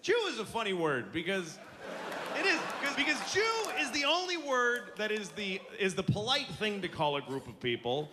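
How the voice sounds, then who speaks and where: A man's voice: high-pitched, sing-song, moderate pace, background noise. A male stand-up comedian delivering a profane, sarcastic rant that builds into mock outrage, recorded live at a show. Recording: live club with audience laughter. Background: audience laughing.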